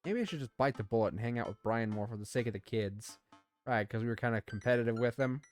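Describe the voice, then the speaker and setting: A man's voice: medium pitch, quick pace, faint music behind. A man playing a dating game, casually commenting and reading the lines aloud in a playful, jokey way. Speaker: let's play host.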